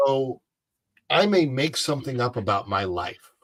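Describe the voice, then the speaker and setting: A man's voice: medium pitch, sing-song, moderate pace, fairly bright tone, no echo. Rambling man in casual chat. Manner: rambling, many fillers and restarts. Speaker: co-host.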